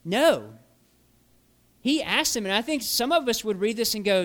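A man's voice: high voice, sing-song, normal speed, fairly bright tone. A man preaching a sermon as a pastor, earnest and full of rhetorical questions.

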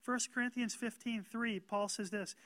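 A man preaching a sermon as pastor, emphatic and calling out amens to the congregation, growing louder and more animated. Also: high voice, moderate pace, no room sound.

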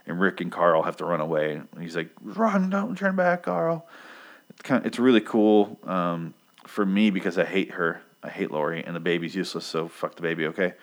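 Man, very low voice, casual profane recap vlogger, rambling delivery. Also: fairly even intonation, a little fast. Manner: rambling, profane, lots of ums. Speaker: comic book recap vlogger.

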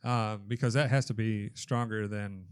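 A man's voice: fairly low pitch, fairly even intonation, normal speed, clean tone, no room sound, clean studio sound. A man who is a guest on a casual podcast chat, explaining things in a plain, matter-of-fact way. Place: podcast studio room.

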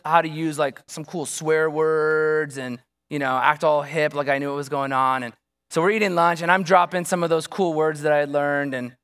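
A pastor preaching a sermon in a relaxed, conversational way. He tells a story from his own life and keeps turning to the congregation with questions. His voice sits fairly high for a man. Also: smooth.

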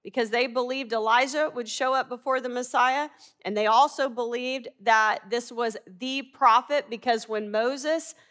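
A woman's voice: on the high side, steady tone, measured pace, fairly bright tone. A woman preaching a sermon in an emphatic way, asking her listeners rhetorical questions and reading scripture aloud.

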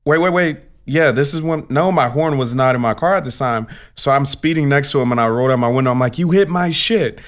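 Profane, animated man telling a story. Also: medium pitch, fast, hardly any pauses, clean tone. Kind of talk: casual chat.

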